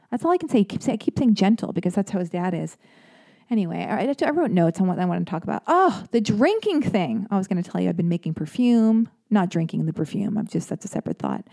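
Woman podcast host chatting loose and jokey, mellow warm voice, dry close sound. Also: medium pitch, expressive, brisk, creaky, dry recording. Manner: rambling and self-deprecating, full of fillers and jokey asides. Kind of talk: casual personal monologue.

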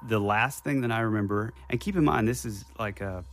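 A man's voice: on the low side, a little fast. A young adult man telling a personal story casually to a host, with a rambling, detail-heavy delivery full of restarts.

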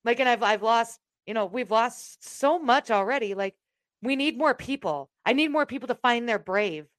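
A woman with a fairly high voice talks emphatically in halting bursts, often restarting her sentences. She is recorded dry and close, with no room sound. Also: animated, fairly bright tone, dry recording. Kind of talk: casual chat.

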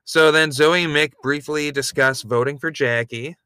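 A man chatting loosely on a podcast, cracking frank, crude jokes. His voice is bright and clear. The sound is close and dry, with no room around it. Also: on the high side, normal speed, dry recording. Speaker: podcast co-host recapping a reality show. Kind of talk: casual chat.

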